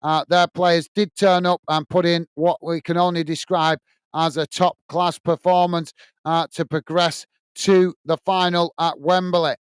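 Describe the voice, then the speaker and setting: With a slightly high, level voice that's clear and resonant, this Englishman unhurriedly reads out viewer comments during a football watch-along stream. He's chummy, says uh a lot and calls people mate; the studio-quality audio has no room sound.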